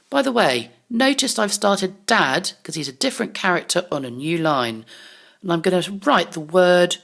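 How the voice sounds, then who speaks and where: Low-voiced woman teaching children. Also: vocal fry. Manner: warm, encouraging teacher talk to young pupils. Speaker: primary school teacher. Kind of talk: recorded online lesson for children.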